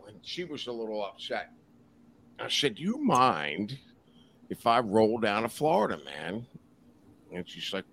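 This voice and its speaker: Man, podcast guest, profane rowdy stories, very lively pitch. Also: vocal fry, a little hiss or hum. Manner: profane, rowdy anecdotes with acted-out quotes. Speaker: podcast guest, reptile breeder. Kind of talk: casual storytelling chat.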